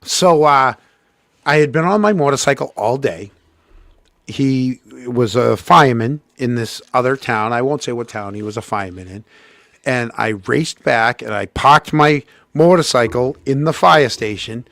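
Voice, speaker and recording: Gravelly and a little slow, this middle-aged co-host tells a story on a casual show with no echo around him. He's animated, playing out people's lines with leaps in pitch.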